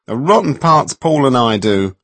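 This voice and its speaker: A man's voice: mid-range voice, big pitch swings, normal speed, fairly bright tone, no room sound, voice pushed up. A man voicing a sulky, self-righteous young woman with a whine in her voice, in a storybook reading. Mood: whining.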